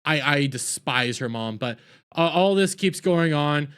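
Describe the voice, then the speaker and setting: A man hosting a TV review, ranting in exasperation and swinging between loud outbursts and low muttering. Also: lively intonation, measured pace, smooth. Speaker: TV review host.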